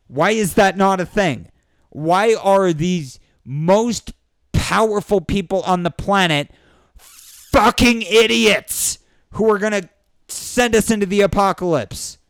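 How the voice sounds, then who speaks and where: A man's voice: clear, resonant tone, no echo, clean studio sound. A man hosting a show, delivering an exasperated, profane ranting monologue and slipping into mocking impressions. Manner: exasperated, swearing, with mocking high-pitched impressions. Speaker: podcast host.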